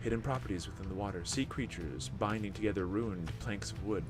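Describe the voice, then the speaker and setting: A man hosting a gameplay video, reading the game's text aloud and commenting with excitement. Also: fairly low pitch, a little fast, over music. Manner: animated, reads dialogue aloud with excitement.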